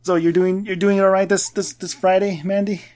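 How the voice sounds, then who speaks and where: A man's voice: sits high, level tone, moderate pace, darkish tone. A man from New Mexico hosting a podcast in an easygoing, upbeat way, often repeating words as he talks. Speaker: podcast host.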